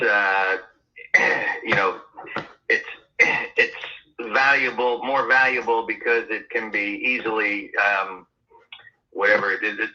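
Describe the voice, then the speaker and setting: Halting, slow-talking home seller on a muffled call, bright, forceful edge. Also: male voice, on the low side. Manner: hesitant, halting, many fillers and throat clears. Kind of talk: phone conversation. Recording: muffled phone line.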